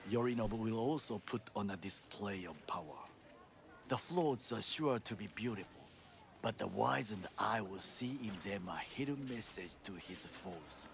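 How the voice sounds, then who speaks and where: An actor playing a stern, formal middle-aged male corporate bodyguard in a video game, speaking in clipped, measured lines. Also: on the low side, gravelly. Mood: grave. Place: game soundtrack played on a live stream. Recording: game audio under a loud stream.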